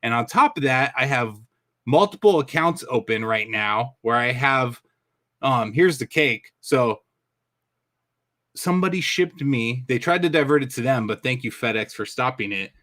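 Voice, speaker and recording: A man's voice: mid-range voice, lively intonation, normal speed, a bit bright. A man co-hosting a podcast, launching into an angry, profane rant and swearing constantly. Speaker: podcast co-host. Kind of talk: casual ranting podcast chat.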